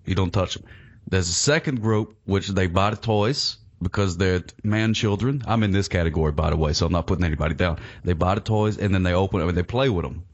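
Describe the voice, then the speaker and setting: An American man interviewing a guest in a casual chat, animated and rambling, often repeating his words. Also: low-pitched, fast talker. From United States. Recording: dull lo-fi recording.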